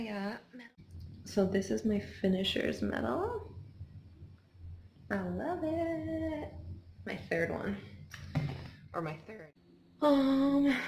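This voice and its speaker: A woman's voice: mid-range voice, gravelly, darkish tone, slight background noise. A woman in her twenties chatting casually in a vlog after a race, tired and rambling with lots of "like" and restarts. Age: 20s. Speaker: vlogger.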